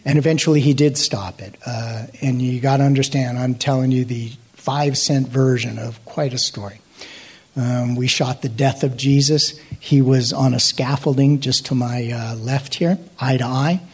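A man with a husky, slightly breathy voice tells a deeply personal story. He halts, repeats himself and restarts, often letting his voice fall to a hushed near-whisper. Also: fairly even intonation. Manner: hesitant, halting with many restarts, sinking to hushed near-whispers. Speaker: actor sharing a testimony.

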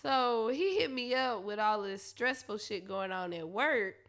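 A woman's voice: medium pitch, a little slow. A woman, candidly telling a profane story to her listeners, often laughing. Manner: profane, laughing, animated retelling.

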